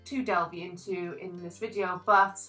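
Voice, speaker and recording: A young woman reviewing a book in a casual, animated vlog, gushing about characters and reading quotes aloud. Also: lowish voice, normal speed, soft background music, low-quality recording.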